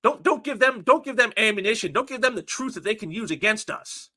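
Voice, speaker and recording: A man's voice: high-pitched, expressive, a little fast, bright, forceful tone. A man hosting a casual commentary show, reading out online posts and mocking them sarcastically, often repeating his words. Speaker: commentary channel host.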